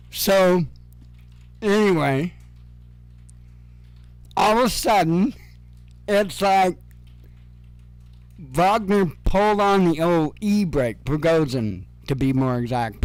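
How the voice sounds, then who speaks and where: Slow, sarcastic male commentator. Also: on the high side, smooth, dry recording. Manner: sarcastic, profane, chuckling asides. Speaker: news commentary host. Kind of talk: casual news commentary.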